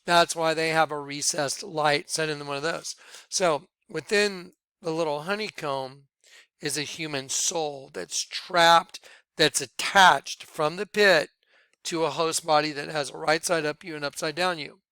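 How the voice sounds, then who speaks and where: A man leading a ministry, talking viewers through images on his screen in an excitable, repetitive way. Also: a little high, measured pace, clean tone, no room sound. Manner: excitable, repeats himself, points things out to viewers. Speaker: ministry leader presenting on screen. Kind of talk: screen-share commentary.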